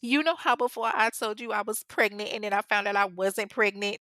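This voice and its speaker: A woman voicing a young woman who pleads and makes excuses, speaking softly in a higher voice. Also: fairly quick, no echo, natural voice. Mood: pleading. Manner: soft, pleading, apologetic.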